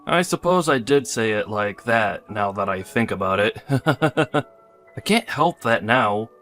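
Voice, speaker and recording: A man's voice: on the low side, lively intonation, measured pace, a bit bright, soft background music. A man voicing an evasive husband who impatiently brushes off his wife. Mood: dismissive. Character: dismissive husband at work, evasive. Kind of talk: text-story voice acting.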